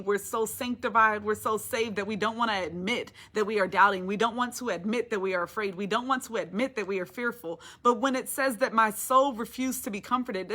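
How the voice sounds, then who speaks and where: A woman's voice: fairly high pitch, sharp tone. A woman giving a devotional Bible teaching, reading scripture aloud and preaching on it with rising passion. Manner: impassioned, rising to emphatic declarations.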